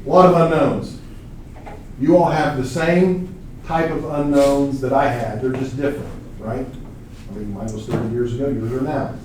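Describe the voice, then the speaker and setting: A forties-aged college instructor from Arkansas chats through a lecture and poses questions to the class, speaking at a normal speed in a mid-range voice with fairly even intonation. The recording is distant and echoey, with a noisy background.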